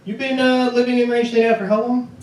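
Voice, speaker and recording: A man's voice: very high-pitched, flat delivery, fast talker, a little mellow, far from the mic. A man acting as emcee at a small theater, introducing acts in an upbeat, loose way. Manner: upbeat, loose, hypes up the crowd. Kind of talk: introducing acts at an open mic. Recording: echoey theater, mic from afar.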